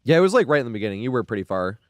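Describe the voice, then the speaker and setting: A man streaming a game live with a mid-range voice. His delivery is loose and chatty, full of quick laughs and sarcastic asides. The sound is close and dry. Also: medium pitch, sing-song, no room sound. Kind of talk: casual live-stream commentary.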